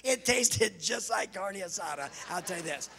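A middle-aged American man, a pastor and missionary, telling lively stories with laughs and exclamations in a sermon to a congregation. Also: sits high, moderate pace, gravelly, slightly rough. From United States. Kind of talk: sermon storytelling with slides. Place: large church hall before a congregation. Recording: reverberant church hall.

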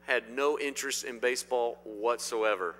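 A middle-aged man from Indiana preaching a sermon in a church, swinging between loud declarations and quiet asides. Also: mid-range voice, normal speed, faint music behind. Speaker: pastor. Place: church sanctuary. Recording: long hall reverb.

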